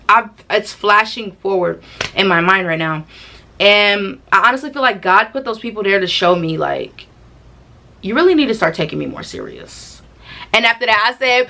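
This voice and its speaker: A woman telling a personal story to the camera in a casual, slangy, animated way, acting out what people said. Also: mid-range voice, moderate pace. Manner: animated, slangy, acts out quotes. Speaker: storytime vlogger.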